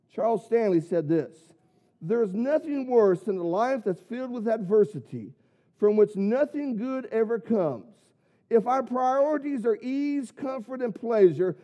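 High-voiced, mellow preaching man. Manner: earnest preaching with rhetorical questions. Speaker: pastor. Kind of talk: sermon.

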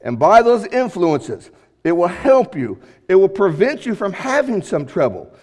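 A man with a high-pitched voice delivers a Sunday sermon to his congregation. He preaches emphatically, leaning hard on key words and then letting his voice fall almost to a hush. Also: big pitch swings, a little slow. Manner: emphatic, swings between loud and hushed. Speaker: pastor.

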